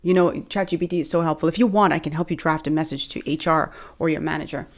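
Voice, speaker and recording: Lively young woman from the Bahamas chatting. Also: deep voice, fast talker. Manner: animated, joking, addresses viewers as y'all. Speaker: video host. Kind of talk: casual talk to camera.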